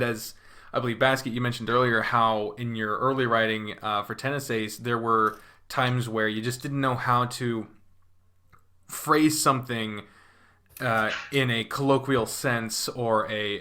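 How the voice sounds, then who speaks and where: A man's voice: mid-range voice, measured pace, sharp tone. A man with a Southern American accent chatting loosely on a panel, swearing freely and stopping to check how he comes across. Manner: profane, rambling, self-questioning. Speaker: panel guest. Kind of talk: casual chat.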